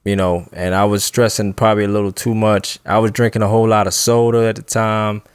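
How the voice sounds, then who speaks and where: A man's voice: on the low side, flat delivery, a little fast, clean tone, dry recording, studio quality. A man casually telling a long personal story on a podcast, loose and laughing as he goes. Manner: laid-back, laughs while telling a story. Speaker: podcast co-host.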